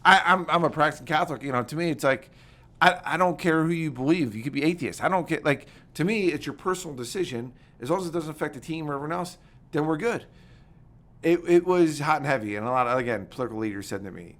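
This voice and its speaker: A man's voice: medium pitch, fast talker. A middle-aged man, a military veteran and former congressman, telling stories in an interview and acting out the conversations he quotes. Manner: energetic, animated storytelling that acts out quoted conversations. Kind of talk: casual interview storytelling.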